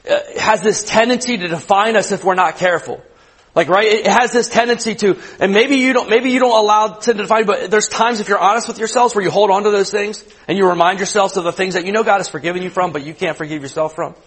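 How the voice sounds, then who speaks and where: A man's voice: sits high, fairly bright tone, breathy edge, low-quality recording. A man in his late thirties, a youth pastor, preaching a conversational sermon to students, repeating words and asking the room questions. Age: 30s.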